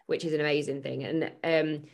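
A woman's voice: low-pitched, fairly even intonation, brisk, creaky, a little mellow. A woman co-hosting a casual fitness chat, telling stories and laughing often. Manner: chatty storytelling, laughs often. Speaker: podcast co-host and fitness coach.

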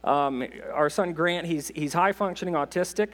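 A man's voice: a little high, normal speed, soft background music. A man, a visiting missionary preaching in a church with folksy, self-deprecating humor. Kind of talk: sermon, casual storytelling. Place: church sanctuary.

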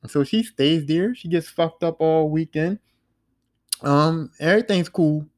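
A man's voice: on the high side, measured pace. A man casually recapping a TV series on his podcast, swearing freely and acting out the characters' lines in slangy talk. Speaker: podcast host.

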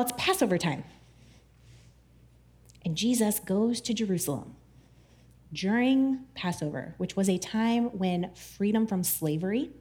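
A woman giving a casual, chatty Bible teaching, animated, with many "like" fillers and frequent laughs. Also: fairly low pitch.

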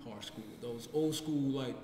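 A man's voice: mid-range voice, measured pace, warm tone. Profane man chatting in an echoey room. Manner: rambling, profane, repeats himself. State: nasal drip. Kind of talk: casual chat. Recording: echoey room, long reverb, faint noise.

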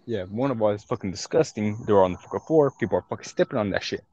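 Brief: young man, low voice, rambling profane storyteller, dry dull lo-fi podcast audio. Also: animated, very fast, warm tone, husky, no echo. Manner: rambling storytelling with heavy swearing and restarts. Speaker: podcast co-host. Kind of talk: casual podcast chat.

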